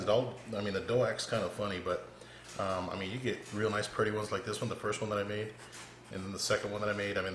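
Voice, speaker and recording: A man's voice: on the low side, fairly bright tone. Easygoing man hosting a cooking video. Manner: chatty, keeps addressing viewers as guys. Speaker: cooking channel host. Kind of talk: casual cooking demo. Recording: echoey room with background noise.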